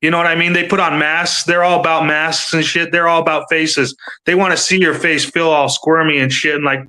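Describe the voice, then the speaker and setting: A man with a fairly high, very bright and forceful voice rants on a video-call livestream. He rambles, stacks filler words and swears freely in loose casual chat. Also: fairly even intonation, a little fast, few pauses, low-quality recording. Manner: rambling, profane, many fillers. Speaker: panel commentator.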